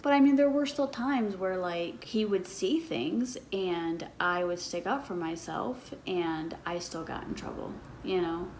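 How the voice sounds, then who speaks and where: A woman's voice: medium pitch, a little mellow, a little hiss or hum, poor audio. A woman in her twenties telling a personal story in a casual vlog, blunt and swearing freely. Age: 20s. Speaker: vlogger.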